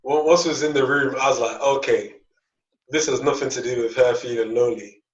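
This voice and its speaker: A man's voice: mid-range voice, steady tone, a little fast, distant mic. A young man tells a rambling story on a casual podcast, stumbling over his words and acting out the dialogue. He sits back from a dull, lo-fi mic in an echoey room. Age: young adult. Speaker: podcast co-host.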